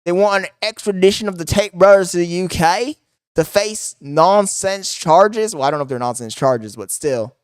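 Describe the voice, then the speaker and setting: A man's voice: sits high, moderate pace, clear, resonant tone, no echo, clean studio sound. Crude mocking streamer guy. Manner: crude, mocking, swears a lot. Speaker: streamer reacting to clips. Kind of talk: casual live-stream commentary.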